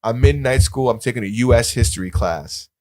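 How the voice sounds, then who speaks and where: A man's voice: mid-range voice, a little fast, darkish tone, no echo. A young man co-hosting a podcast in casual banter, rambling and laid-back with lots of fillers. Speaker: podcast co-host.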